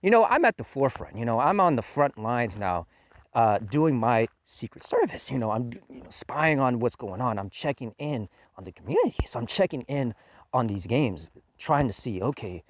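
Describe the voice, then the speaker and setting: Man, game review rant, profane, mock outrage, huge pitch swings, yells then mutters. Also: sing-song, normal speed, no echo. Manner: profane, exaggerated outrage with bursts of yelling; lurches between loud outbursts and low mutters.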